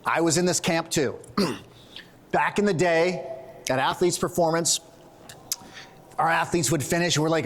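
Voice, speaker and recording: A man's voice: a little high, a little slow, pauses often, a bit bright. Blunt, joking man lecturing on stage. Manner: blunt, joking, self-deprecating. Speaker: strength and conditioning coach. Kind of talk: conference lecture. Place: conference hall stage.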